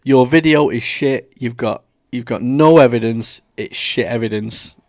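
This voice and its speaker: A man's voice: mid-range voice, measured pace, darkish tone, no echo. Brash British man with a dry voice. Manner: brash, combative, heavy swearing. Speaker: online reaction streamer. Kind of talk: casual reaction commentary.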